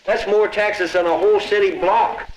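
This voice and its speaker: Man, slightly high voice, matter-of-fact explainer, echoey room. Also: fairly even intonation, normal speed, slight background noise. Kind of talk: interview. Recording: echoey room on old film.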